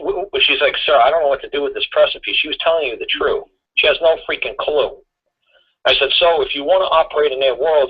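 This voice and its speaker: A blunt man tells long stories on a talk radio show, swearing and circling back over his own points. His voice is husky, and the radio audio sounds dull and lo-fi. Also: mid-range voice. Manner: blunt, profane, rambling storyteller.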